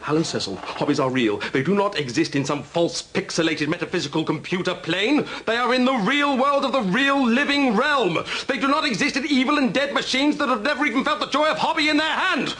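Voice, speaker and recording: A man's voice: very high-pitched, animated, brisk, few pauses, pushed and bright, voice pushed up, full character voice. A man playing a pompous ranting hobby fanatic. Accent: English. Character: pompous self-important male hobby obsessive. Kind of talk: sketch comedy acting.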